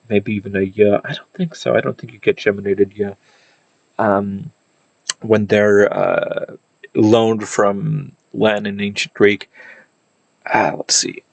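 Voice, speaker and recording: A man's voice: fairly low pitch, vocal fry, dry recording, poor audio. A man giving an unscripted explainer lesson, thinking aloud with frequent fillers and self-corrections. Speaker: video lecturer on historical linguistics.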